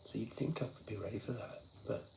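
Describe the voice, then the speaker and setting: A man's voice: fairly low pitch, fast, vocal fry, mellow, a little hiss or hum, low-quality recording. A young man ranting on a livestream, swearing a lot and circling through frustrated philosophical thoughts. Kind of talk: rambling late-night livestream rant.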